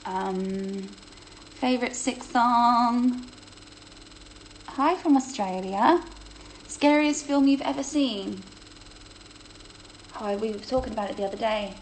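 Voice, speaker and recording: A woman, chatting casually on a phone livestream, reading out viewer questions and answering them with a self-deprecating, quick-to-laugh manner. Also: a little high, a little hiss or hum, low-quality recording. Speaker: host of a livestream Q&A.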